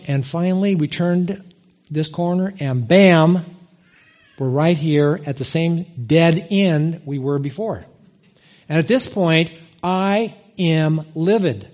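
A middle-aged man preaching a sermon, telling a personal story with lively swings in his voice. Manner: animated storytelling, big swings in pitch.

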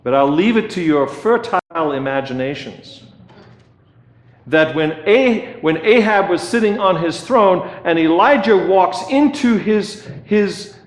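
A man's voice: high voice, lively intonation, measured pace, reverberant. A man preaching a sermon as pastor, conversational, often checking in with "okay" and repeating words as he goes.

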